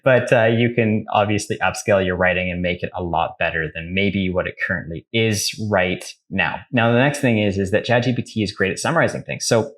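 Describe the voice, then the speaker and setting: A young man hosting a casual screen-share tutorial, chatty and self-correcting, reading his typed prompts aloud slowly. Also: low-pitched. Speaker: tech tutorial host.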